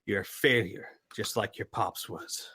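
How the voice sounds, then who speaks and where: A tough bodybuilder woman sneers down at a beaten kid in rough slang, voiced by a man running a tabletop game. The voice sits low and dry, close to the mic. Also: unhurried, sharp tone, no room sound, heavily acted. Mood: taunting.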